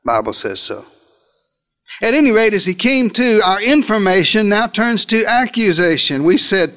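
A man preaching a dramatic sermon, telling the story in the first person with big swings in pitch and loudness. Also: big pitch swings, moderate pace.

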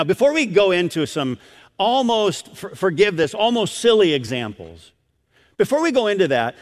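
A middle-aged man preaching a sermon, telling a story and acting out the voices of the people in it. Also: high-pitched. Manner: animated storytelling, acts out voices. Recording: long hall reverb.

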